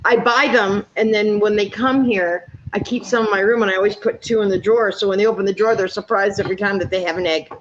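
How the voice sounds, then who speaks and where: A woman's voice: medium pitch, steady tone, fast talker, hardly any pauses, a little hiss or hum. A woman in her fifties chatting casually, telling blunt stories with plenty of swearing. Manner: blunt, profane storyteller. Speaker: panel speaker. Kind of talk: casual chat. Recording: dull lo-fi audio.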